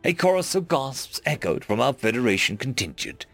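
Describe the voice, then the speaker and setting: A man reading a first-person science fiction story aloud in an earnest, expressive storytelling manner. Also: medium pitch, normal speed, gravelly, soft background music. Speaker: narrator. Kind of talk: first-person audiobook narration.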